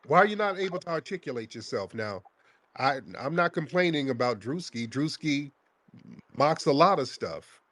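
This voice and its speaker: A male call-in host who presses a caller with combative, mocking questions. His voice sits a little high and swings widely in pitch. The sound is close and dry, with no room around it. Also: animated, normal speed, a bit bright, dry recording. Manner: combative, interrogating, scornful. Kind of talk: heated call-in debate.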